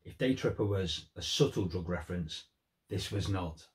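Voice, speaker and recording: A man's voice: low voice, expressive, moderate pace. A man giving earnest, thoughtful commentary on song lyrics in a vlog. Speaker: music vlogger.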